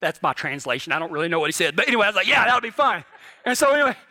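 A man preaching a sermon as a cowboy church pastor, telling folksy ranch stories and swinging between hushed moments and loud outbursts. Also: fairly high pitch, big pitch swings, rapid-fire.

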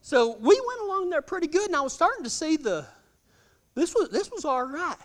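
A man telling a self-deprecating, humorous story in a sermon, animated and laughing often. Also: extremely high pitch, fairly quick.

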